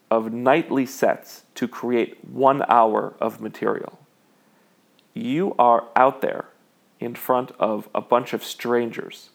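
A man delivering an opinion monologue in a measured, emphatic way, with frequent "you know" fillers. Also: medium pitch, vocal fry.

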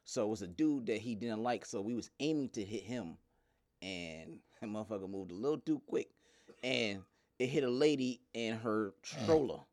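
A man's voice: on the low side, expressive, normal speed, a little mellow, no echo, studio quality. A man co-hosting a casual podcast, trading blunt jokes and telling his own prank story. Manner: blunt, joking reactions. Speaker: podcast co-host. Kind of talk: casual banter.

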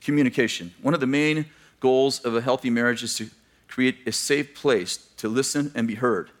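This male pastor speaks at a medium pitch and a normal speed while delivering his sermon. Storytelling carries it, with quoted characters given their own voices and jokes shared with the congregation.

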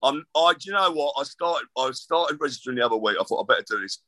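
A man's voice: mid-range voice, animated, quick pace, pushed and bright, no room sound. A middle-aged man, a guest author rambling through casual chat with self-deprecating jokes.

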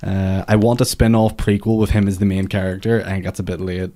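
A man's voice: deep voice, flat delivery, a little fast, dark tone, a little hiss or hum. A man co-hosting a podcast in casual chat, easygoing, reading comments aloud with dry asides. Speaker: podcast co-host.

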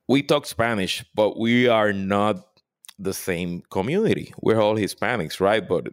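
A man, a political consultant giving emphatic, animated answers in a podcast interview. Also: fairly low pitch, measured pace, dry recording, clean studio sound. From Puerto Rico. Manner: emphatic, animated, repeats for stress.

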